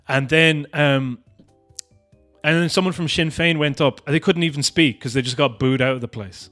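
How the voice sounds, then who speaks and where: A man hosting a podcast in casual chat, animated and sweary, with a mocking edge. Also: fairly high pitch, normal speed, faint music behind. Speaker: podcast host.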